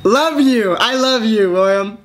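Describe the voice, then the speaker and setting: A woman making a prank phone call, fake crying and yelling in an over-the-top way. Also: fairly high pitch, measured pace, music in the background. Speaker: prank caller.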